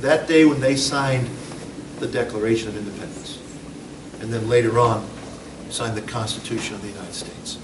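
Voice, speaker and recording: A man giving a patriotic sermon-style speech, telling stories with dramatic swings from loud to hushed. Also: medium pitch, fairly even intonation, moderate pace, noisy background. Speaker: preacher. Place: event hall. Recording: echoey hall, mic from far off.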